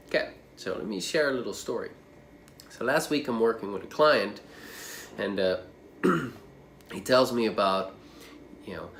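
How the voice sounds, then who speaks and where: A man's voice: lowish voice, a little hiss or hum. A man coaching people with social anxiety, talking casually to the camera in a rambling, conversational way, with plenty of fillers and side remarks.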